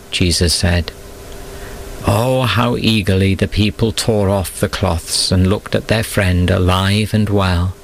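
A man giving scripted storybook narration in a steady, measured reading. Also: deep voice, slight background noise, rough recording.

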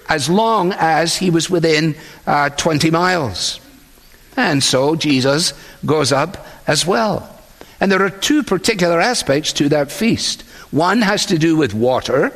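A man's voice: fairly high pitch, fairly bright tone. Preaching man in a reverberant hall. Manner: earnest, measured preaching with quoted speech. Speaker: pastor. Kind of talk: sermon.

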